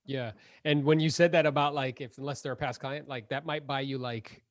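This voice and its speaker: A man's voice: mid-range voice, fairly even intonation, fairly quick, no room sound, dull audio. A man hosting a podcast, chatting casually and animatedly with his guest, laughing often and leaning on "like". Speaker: podcast host. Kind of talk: casual interview chat.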